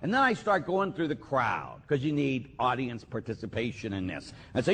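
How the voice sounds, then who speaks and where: A man, a Catholic priest, giving a sermon with lively storytelling and acted-out voices. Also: a little high, brisk, hardly any pauses, slightly rough. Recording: hall reverb, faint ambience.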